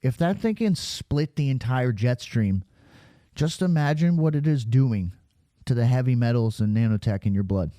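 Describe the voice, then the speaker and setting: A man's voice: mid-range voice, lively intonation, moderate pace, warm tone, no room sound, clean studio sound. Breathless man rambling over radar footage. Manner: rambling, sarcastic, preachy at times. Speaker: video creator. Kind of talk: casual commentary over weather radar footage.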